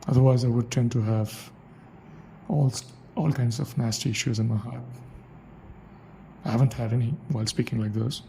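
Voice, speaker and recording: A man's voice: mid-range voice, fairly even intonation, normal speed, vocal fry, long pauses, mellow, slight background noise, rough recording. A young man thinking aloud in a casual monologue, repeating phrases as he tries out a way of speaking. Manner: muses aloud, repeats phrases to try them out. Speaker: accent practice vlogger.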